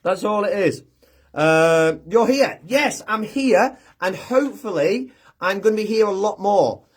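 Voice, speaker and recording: A man's voice: high voice, animated, unhurried. A British man from the UK hosting a casual livestream, chatting and chuckling as he reads out viewer comments into his phone. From United Kingdom. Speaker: livestream host. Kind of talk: casual live chat reading viewer comments.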